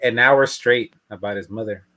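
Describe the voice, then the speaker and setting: A man's voice: on the low side, moderate pace, crowd noise. A man chatting and teasing his friends in casual banter on a live stream. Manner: laughing, teasing.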